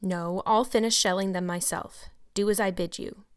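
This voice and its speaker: A woman's voice: medium pitch, steady tone, moderate pace, clean tone, close to an everyday voice. A woman reading aloud and voicing a stern, strict older spinster in a storybook. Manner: stern, sharp.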